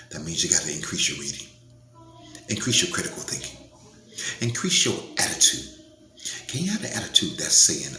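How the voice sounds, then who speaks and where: Very deep-voiced man preaching motivation. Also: pushed and bright. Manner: preacher-like call and response cadence. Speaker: motivational speaker. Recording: echoey room with faint noise.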